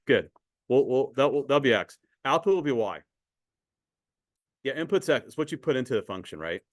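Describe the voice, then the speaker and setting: A man with a medium-pitched, expressive voice teaches a math class at normal speed, recorded in clean studio sound with no room noise. He keeps the lecture conversational, quizzing students and frequently repeating words.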